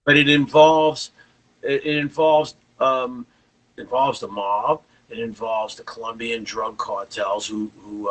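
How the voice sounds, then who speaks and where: A man's voice: lowish voice, fairly bright tone, slightly rough, low-quality recording. An older man, a guest rock guitarist, telling rambling anecdotes in a casual interview.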